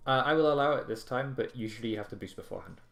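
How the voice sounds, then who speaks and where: A man's voice: mid-range voice, rapid-fire, creaky, fairly bright tone, echoey room. A man narrating as game master of a tabletop game, rambling with frequent ums and restarts.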